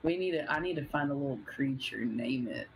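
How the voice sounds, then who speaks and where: A woman's voice: extremely low pitch, animated, a little fast, slight background noise, rough recording. A woman with a Southern US accent, chatting and laughing a lot while co-hosting a gaming stream. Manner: giggly, chatty, many fillers. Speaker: stream co-host. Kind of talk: casual gaming chat.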